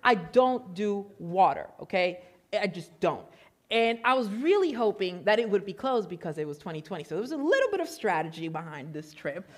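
A male pastor from Puerto Rico delivers a sermon with a fairly high voice that leaps up and down as he gets worked up. He is excitable, tends to get loud, and pokes fun at himself while telling stories from the pulpit. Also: normal speed. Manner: storytelling, self-deprecating humor.

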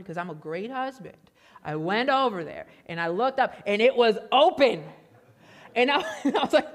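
A male pastor from Puerto Rico delivers a sermon with a fairly high voice that leaps up and down as he gets worked up. He is excitable, tends to get loud, and pokes fun at himself while telling stories from the pulpit. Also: brisk. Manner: storytelling, self-deprecating humor.

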